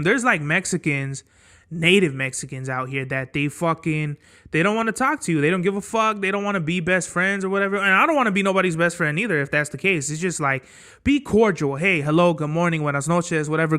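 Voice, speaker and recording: Young man, podcast host, casual storytelling, blunt, profane, animated, slightly high voice.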